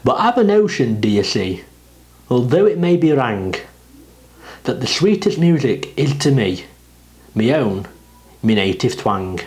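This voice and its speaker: A man recites a dialect poem slowly and deliberately, letting his pitch swing widely from line to line. His delivery is expressive and animated, with each verse given weight. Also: rough recording. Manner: expressive, rising and falling delivery. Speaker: poetry reader.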